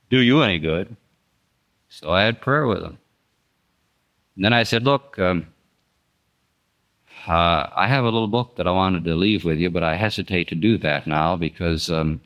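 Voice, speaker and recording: A man's voice: deep voice, fairly bright tone, highs cut off. An older man preaching a storytelling sermon in an earnest, folksy way, rising and dropping for emphasis. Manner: earnest, folksy, rises and drops sharply for emphasis.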